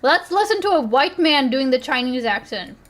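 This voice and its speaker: Woman streamer, high voice, casual chat, breaks off mid-sentence and restarts a lot. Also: lively intonation, normal speed. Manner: self-interrupting, frequent restarts and laughs.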